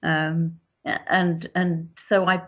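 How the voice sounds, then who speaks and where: A woman from England with a southern English accent, an author answering interview questions in a measured, explanatory way. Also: lowish voice, level tone. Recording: dull lo-fi recording.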